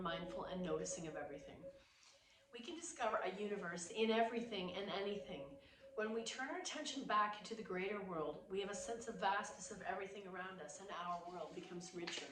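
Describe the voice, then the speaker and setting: A woman with a hoarse voice, reading reflections to a yoga class in a calm, gentle way. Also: medium pitch. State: hoarse, losing her voice. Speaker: yoga teacher. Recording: roomy echo, distant mic, faint background noise.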